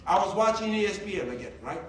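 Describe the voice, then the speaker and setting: A man giving a motivational training talk to his team, telling lively stories and acting out the dialogue. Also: sits high, quick pace, noisy background. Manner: animated storyteller, acting out dialogue. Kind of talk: motivational speech. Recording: roomy, distant sound with faint ambience.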